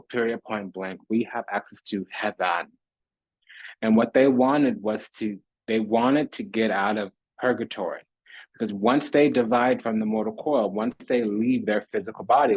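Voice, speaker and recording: Man, tarot reader, preachy, repeats himself in rhythmic lists, husky voice, dry close sound. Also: fairly low pitch, no room sound, muffled recording. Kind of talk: spiritual tarot reading monologue.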